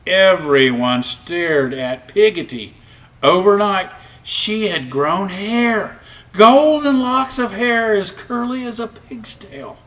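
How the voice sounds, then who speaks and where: A man reading a children's storybook aloud with expressive, varied narration. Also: sits high, slow pace, distant mic. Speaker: storybook reader.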